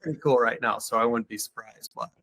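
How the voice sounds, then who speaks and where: A man's voice: mid-range voice, quick pace, creaky, pushed and bright, husky. A man who is a podcast guest, talking in a laid-back, casual way. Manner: laid-back, uses "dude" and "like".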